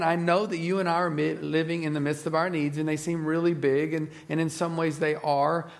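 Male pastor, reflective sermon delivery, gravelly texture, sinks to quiet low tones. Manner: reflective, earnest, often drops to a soft low voice. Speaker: preacher.

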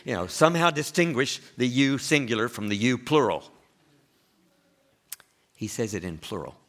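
A man with an East Texas accent preaching a sermon as pastor, chatty and full of questions to his listeners, with big swings in pitch and loudness for emphasis. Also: lively intonation, normal speed. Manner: conversational, asks the listeners frequent questions.

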